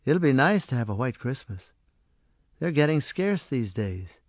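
A man doing a gentle, knowing little stranger. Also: mid-range voice, very animated, a little slow, no room sound, clean studio sound. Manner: soft, patient and coaxing. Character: small mysterious male stranger, gentle and knowing.

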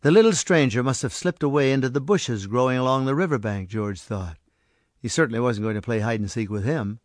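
A man calmly narrating a story aloud. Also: medium pitch, brisk, no room sound, studio quality. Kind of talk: storybook reading.

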